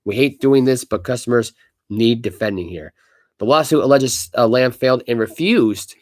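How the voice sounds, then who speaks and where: A man co-hosting a casual sports podcast, ranting with animated energy and stumbling as he reads news aloud. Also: medium pitch. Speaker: podcast co-host.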